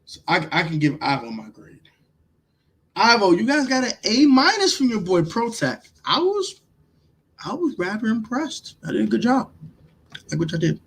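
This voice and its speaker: A man's voice: high-pitched, huge pitch swings, moderate pace, fairly bright tone, slight background noise. A man hosting a casual livestream, talking emphatically, repeating himself and swearing freely as he reacts to viewers by name. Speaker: livestream host grading draft picks.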